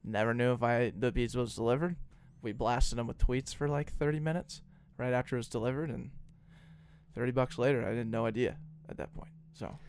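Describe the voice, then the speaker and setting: A young man co-hosting a podcast in casual chat, telling a story with lively acted-out phone calls. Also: medium pitch, fairly quick, a little hiss or hum. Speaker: podcast co-host.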